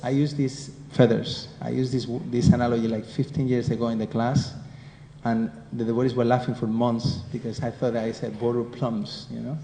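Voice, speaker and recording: A man with a Spanish accent leads a devotional scripture class, speaking in a warm, mellow voice and often turning questions to the room. His voice rings with a long, roomy hall echo, and a faint hiss runs underneath. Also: medium pitch, flat delivery, a little fast. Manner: conversational, keeps asking the listeners questions.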